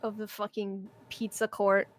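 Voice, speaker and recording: A woman's voice: medium pitch, completely flat delivery, measured pace. A young woman streamer chatting casually and ranting about her job, swearing often and breaking into mock outbursts. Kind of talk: casual chat.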